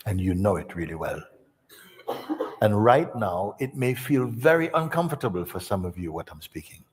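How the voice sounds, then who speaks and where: A man speaking as a spiritual teacher, giving an unhurried storytelling talk to an audience. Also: on the low side, big pitch swings, in a large hall.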